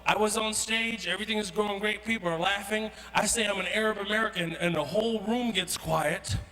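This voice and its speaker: High, bright-voiced man doing stand-up. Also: poor audio. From Kuwait. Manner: animated, quick switches into character voices. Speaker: stand-up comedian. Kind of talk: stand-up comedy set. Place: event hall with live audience.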